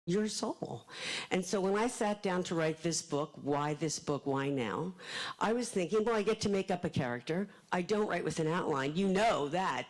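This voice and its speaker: An older woman from Philadelphia with a Philadelphia accent, an author giving a fast, chatty, joking live talk at a library event. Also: fairly low pitch, darkish tone, rough recording. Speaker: author speaking to an audience.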